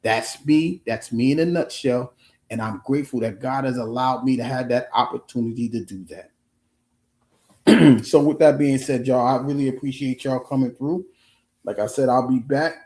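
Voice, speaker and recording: A man's voice: medium pitch, moderate pace, darkish tone, reverberant. Earnest stammering man on a livestream. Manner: earnest, repetitive, stammering restarts, casual swearing. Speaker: live streamer. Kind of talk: casual motivational livestream talk.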